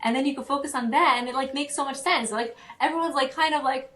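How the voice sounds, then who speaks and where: Animated woman storyteller in an echoey room. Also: sits high, fast talker. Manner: animated storyteller who acts out quotes, many fillers. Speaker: guest, parenting approach practitioner. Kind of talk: casual podcast interview.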